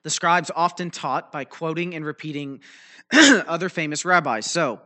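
This teaching sermon features a man with a fairly high, pushed, bright voice and lively intonation, speaking at a measured pace. He walks through a Bible passage in a loose, explanatory way, with fillers and restarts, often checking in with "right?" and "okay?"

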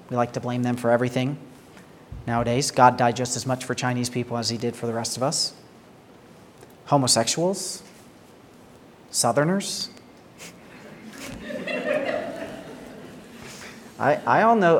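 A man's voice: mid-range voice, a little hiss or hum. A pastor preaching a sermon in an earnest way, asking rhetorical questions and often repeating words as he starts a phrase. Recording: long hall reverb.

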